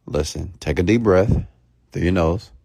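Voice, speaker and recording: A low-pitched man speaks at a very slow, measured pace. He weighs every word as he coaches an online audience and keeps checking that they follow. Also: creaky, warm tone. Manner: slow, deliberate speech with long pauses, often checking in with the audience; mimics fast rambling talk to show the contrast. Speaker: motivational speaker on a live stream. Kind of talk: live-stream coaching talk.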